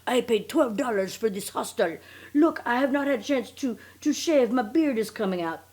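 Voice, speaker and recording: A woman's voice: a little high, animated, normal speed, a little mellow, pitched above the performer's own voice. A woman voicing a melodramatic, self-pitying male con man in a mock French accent, making theatrical threats. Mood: whiny.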